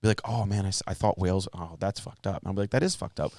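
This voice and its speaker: A podcast co-host tells jokey stories in casual chat, acting out both sides of the exchanges. His voice sits low and a little mellow, and he talks at a quick pace.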